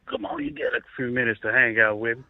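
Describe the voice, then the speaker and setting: A man's voice: mid-range voice, huge pitch swings, quick pace, creaky. A man calling in to a radio show, talking in a laid-back, insistent way. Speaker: caller. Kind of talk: phone call-in chat. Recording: tinny dry phone line.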